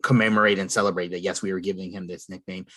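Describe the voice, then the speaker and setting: A man's voice: sits low, little pitch movement, fast talker, a bit bright. A man hosting a podcast in a casual, affirming way, often repeating words and saying uh. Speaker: podcast host. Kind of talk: casual conversation.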